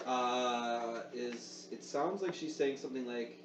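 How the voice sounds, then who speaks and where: Man narrating as game master, many pauses. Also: medium pitch. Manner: hesitant, filler-heavy narration. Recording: echoey room, far mic, dull sound, noise.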